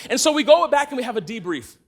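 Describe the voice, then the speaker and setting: Man, very high pitch, church sermon, energetic storytelling, bursts of laughter and shouting. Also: fast. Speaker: church team speaker.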